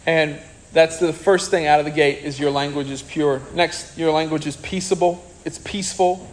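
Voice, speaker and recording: A man preaching a sermon in an animated way, with joking asides and acted-out quotes. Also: fairly high pitch, normal speed, a little hiss or hum, rough recording. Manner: animated, jokey asides, acts out quoted people.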